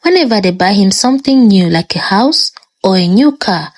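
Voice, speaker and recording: A woman with a Nigerian accent giving scripted narration of a moral folktale, expressive and lilting. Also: mid-range voice, normal speed. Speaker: storyteller.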